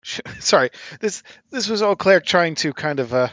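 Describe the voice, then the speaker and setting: A man's voice: a little high, lively intonation, moderate pace, a bit bright, no echo. A man chatting casually as a player in a tabletop game, self-deprecating and talkative.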